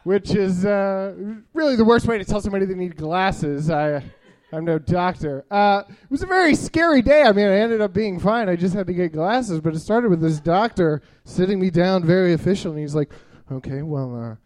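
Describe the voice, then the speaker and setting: Stand-up comic, man, early 30s, high voice, rambling and self-deprecating delivery. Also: brisk, few pauses, a little mellow. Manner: rambling, self-deprecating, many filler uhs. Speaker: stand-up comedian. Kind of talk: stand-up storytelling.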